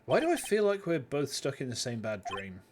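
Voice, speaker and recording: Game role: man reading an exasperated young lawyer, lively pitch. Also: fairly quick, noisy background. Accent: English. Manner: dry, exasperated asides.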